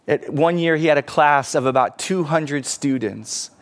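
Brief: male pastor with a fairly high voice, lively sermon storytelling. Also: measured pace. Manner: animated storytelling, addresses the congregation.

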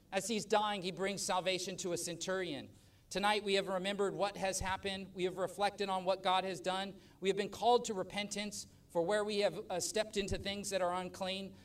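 High-voiced preaching pastor, distant mic. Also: male voice. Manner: emphatic preaching, swells loud then drops soft. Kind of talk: sermon. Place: church service.

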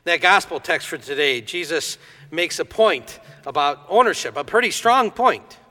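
Bright-voiced male preacher in a reverberant hall. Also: fairly high pitch, normal speed. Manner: lively storytelling, acts out quoted voices. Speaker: pastor. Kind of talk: sermon.

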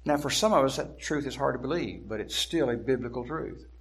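A man preaching an expository sermon, deliberate and emphatic, slowing down to stress key words. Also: mid-range voice, expressive.

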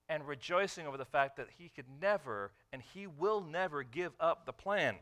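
Bright-voiced preaching man. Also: fairly high pitch, animated. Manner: preaching with wide swings from loud emphasis to quiet, drawn-out phrases; repeats key lines and asks the listeners questions. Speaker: pastor. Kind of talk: sermon.

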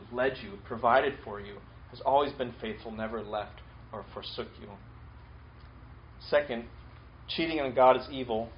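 Guy preaching, chatty, keeps repeating his main point, kinda dull lo-fi recording with faint noise. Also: mid-range voice. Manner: repeats key points, casual fillers and restarts. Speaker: pastor. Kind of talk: conversational sermon.

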